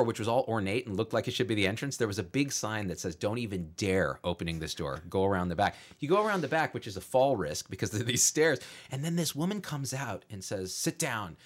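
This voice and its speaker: A man being interviewed as a guest, telling funny stories in an animated, jokey way and laughing along. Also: mid-range voice. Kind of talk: comedic storytelling in an interview.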